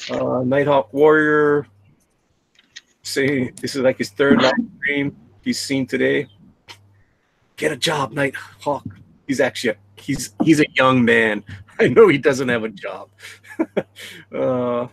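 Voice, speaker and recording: Gravelly man hosting a casual stream. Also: mid-range voice, rough recording. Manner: reads chat messages aloud, chatty. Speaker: live stream host. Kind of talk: casual live stream chat.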